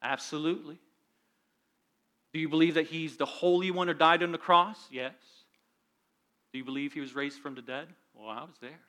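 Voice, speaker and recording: Sly agreeable devil, as a man puts him on, quiet, lower, bright tone. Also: steady tone, moderate pace, long pauses. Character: the devil, smooth male church applicant.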